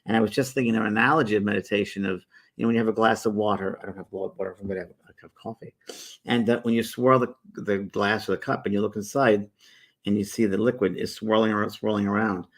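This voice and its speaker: Middle-aged guy on a livestream, low gravelly voice, rambly and relaxed, lots of ums. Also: fast talker. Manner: relaxed and rambling, with many fillers and restarts. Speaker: host of a spiritual livestream. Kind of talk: casual livestream chat greeting viewers. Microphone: phone or webcam held by the speaker.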